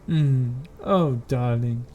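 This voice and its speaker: A man's voice: mid-range voice, extremely slow, warm tone, a little hiss or hum. A man voicing a vain, seductive woman with a sultry, self-admiring purr in a tabletop game.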